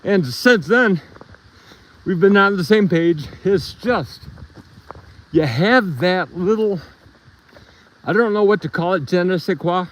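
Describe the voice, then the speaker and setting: Guy rambling through a story on his phone while hiking a river trail with his dogs, a little winded, voice a bit high and jumping all over the place. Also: lively intonation, slow, long pauses, poor audio. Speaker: live streamer walking his dogs. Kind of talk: casual storytelling while walking.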